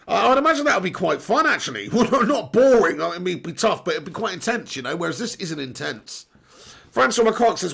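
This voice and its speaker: Brief: young English man hosting a live football watch-along, blunt and chatty, hoarse from strep throat. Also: high voice, expressive, moderate pace, bright, forceful tone. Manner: chatty, blunt, reads out viewer comments. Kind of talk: live casual commentary reading chat.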